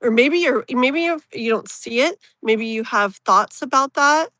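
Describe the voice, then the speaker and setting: A woman's voice: on the high side, expressive, a little slow, pushed and bright, dry recording. A woman hosting a casual live tarot reading, rambling and emotionally open, with lots of fillers. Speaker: tarot reader, live stream host.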